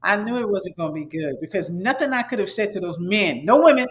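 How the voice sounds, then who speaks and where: A man's voice: high voice, lively intonation, quick pace, fairly bright tone, low-quality recording. A man who teaches an online course, giving his students a casual, rambling, repetitive motivational talk with emphatic repeated urging. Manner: casual, conversational.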